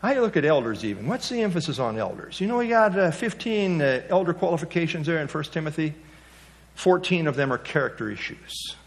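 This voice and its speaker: A pastor with a fairly high voice and lively intonation preaches fairly quickly, spinning stories in a chatty, folksy manner with side remarks and emphatic rises on the important points.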